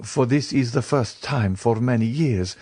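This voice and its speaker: A man reading an audiobook voices a grave, reserved nobleman, speaking in measured tones. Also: mid-range voice, darkish tone, slightly rough, no echo, studio quality, voice pushed up. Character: grave, mysterious nobleman, restrained.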